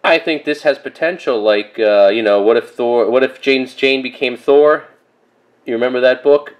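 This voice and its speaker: A man in his thirties talking casually and rambling through a comic book haul, with lots of fillers and animated asides. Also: mid-range voice, moderate pace. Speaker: comic collector vlogger.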